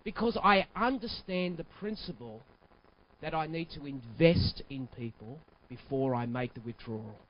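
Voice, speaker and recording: Male keynote speaker, theatrical and punchy, with a lively up-and-down delivery. Muffled lo-fi recording. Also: medium pitch, moderate pace. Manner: animated, theatrical, acts out scenes. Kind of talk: live motivational sales keynote. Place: stage at a live keynote event.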